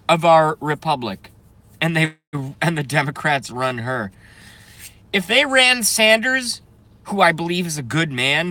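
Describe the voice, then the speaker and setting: A man's voice: on the high side, sharp tone. A man live-streaming a profane political rant, swearing a lot and breaking into giggles.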